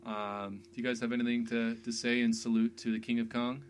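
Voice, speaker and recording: A man hosting a casual podcast chat about video games, excitable and full of fillers. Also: medium pitch, fairly quick, a little hiss or hum. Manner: chatty, excitable, many fillers. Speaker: podcast host.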